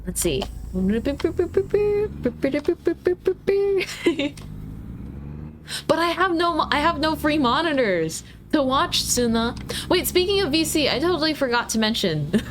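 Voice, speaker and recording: A woman's voice: high-pitched, sing-song, normal speed, fairly bright tone, a little hiss or hum. A woman streamer chatting playfully and giggling while playing a driving game. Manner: playful, giggly, teasing chat. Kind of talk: casual gaming stream chat.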